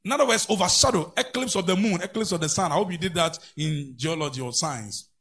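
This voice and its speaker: A man's voice: high-pitched, fast talker, vocal fry, fairly bright tone. A man preaching a sermon, breaking into sung phrases and leading the congregation in call-and-response. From Ghana. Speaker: pastor.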